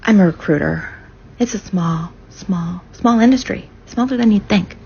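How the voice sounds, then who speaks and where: A woman's voice: mid-range voice, moderate pace, mellow, a little hiss or hum. Canadian recruiter lady ranting, sarcastic and taunting, kinda muffled recording. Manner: sarcastic, taunting, drops into breathy asides. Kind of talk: sarcastic social media rant.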